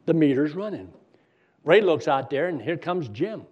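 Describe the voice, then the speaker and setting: Husky male preacher telling a story from the pulpit and acting out its dialogue, recorded lo-fi. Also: fairly high pitch, big pitch swings, normal speed. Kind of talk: sermon storytelling.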